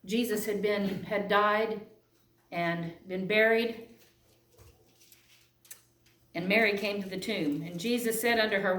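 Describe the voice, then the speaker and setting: A woman's voice: mid-range voice, slow pace, long pauses, a bit bright. An earnest woman preaches in a church sanctuary. Her voice rings around the large echoey room and sounds a little distant from the microphone. She reads scripture in old-fashioned wording between plain talk. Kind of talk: sermon.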